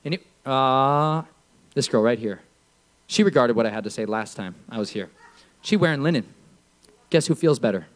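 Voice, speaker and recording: A man preaching from a church stage, emphatic, swinging from low murmurs to shouts. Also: expressive, normal speed, pauses often. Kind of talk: sermon.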